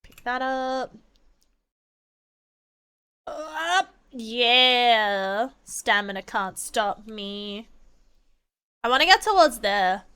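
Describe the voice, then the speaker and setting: Bright, high-voiced young woman streamer. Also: very slow, pauses often, clear, resonant tone. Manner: rambling, swears freely, excitable outbursts. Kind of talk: casual gameplay chat.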